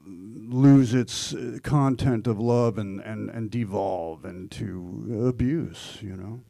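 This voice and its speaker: A man and actor answering questions at a live Q&A, telling animated stories and slipping into voices and quotes. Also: fairly low pitch, takes it slowly, vocal fry, no room sound. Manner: animated storyteller who slips into voices and quotes. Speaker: actor and guest. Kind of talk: live Q&A discussion.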